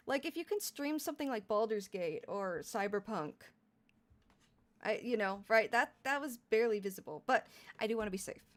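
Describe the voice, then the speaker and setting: Young adult female streamer, slightly high voice; loose, giggly, rambling live chat. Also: animated, moderate pace, fairly bright tone. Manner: giggly, rambling, laughs often. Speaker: VTuber streamer.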